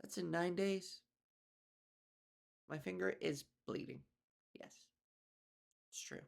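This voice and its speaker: A woman's voice: lowish voice, takes it slowly, creaky, a little mellow. A woman hosting a comedy podcast, talking in a casual rambling monologue, swearing a lot and acting out the people she mocks.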